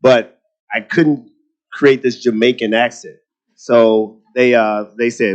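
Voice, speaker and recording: A man from Texas with a Southern accent, a guest on a luncheon panel, telling animated stories and often restarting his sentences. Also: medium pitch, a little slow. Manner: animated storytelling, repeats words when starting sentences. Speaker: guest speaker.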